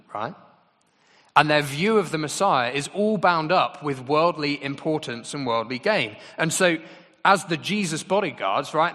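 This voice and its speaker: Man, preacher, chatty sermon, bright tone, long hall echo. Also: mid-range voice. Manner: conversational, asks the congregation questions.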